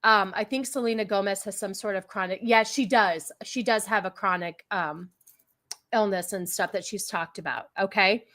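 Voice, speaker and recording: A woman hosts a casual livestream podcast, sounding sarcastic and mocking and laughing often. Her voice is medium in pitch and fairly bright, delivered at a normal speed.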